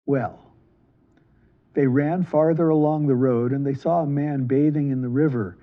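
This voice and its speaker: Male children's storyteller, high-pitched, animated delivery, muffled lo-fi audio. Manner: lively, animated, switches into quick character voices. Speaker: library storyteller.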